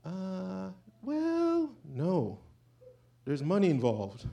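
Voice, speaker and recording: A man's voice: a little high, lively intonation, measured pace, dark tone. A man giving an informal, impassioned sermon, talking conversationally and quoting scripture. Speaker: preacher.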